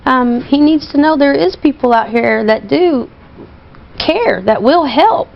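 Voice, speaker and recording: A woman telling her story as an interview guest, earnest and halting, with many pauses and fillers. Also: sits high, expressive, vocal fry. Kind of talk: emotional personal account. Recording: dull broadcast audio.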